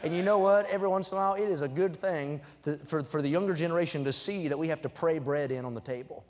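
A young man delivers a fast sermon in a church sanctuary, his fairly high voice ringing with long hall reverb. He hammers his points with emphasis, rising to loud, fervent peaks, and reads scripture aloud between them.

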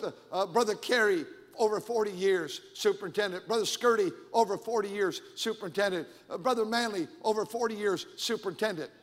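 Animated high-voiced preacher in a reverberant hall. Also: male voice, brisk, few pauses. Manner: animated, emphatic preaching with repetitions. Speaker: pastor. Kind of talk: sermon. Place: church sanctuary.

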